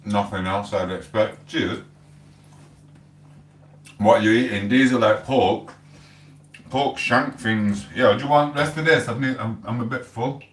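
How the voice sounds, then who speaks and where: Hosting a casual stream from home, a middle-aged man from England eats, reads chat aloud and lets the conversation wander. He speaks at a fairly low pitch, a little slowly with long pauses, recorded from a distance in a roomy-sounding room.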